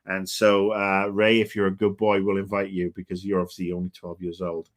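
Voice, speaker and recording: A man's voice: low-pitched, monotone, a little fast. Grumpy man in his fifties. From Britain. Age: 50s. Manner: rambling, grumpy and profane, with many fillers. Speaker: livestream host. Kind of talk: casual chat.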